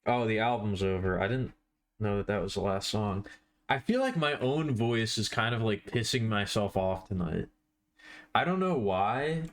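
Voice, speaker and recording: A man talks to his live-stream audience while he works on a drawing. His voice sits a little low. He rambles from thought to thought, pokes fun at himself and swears in a relaxed, offhand way. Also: normal speed. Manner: rambling, self-deprecating, swears casually.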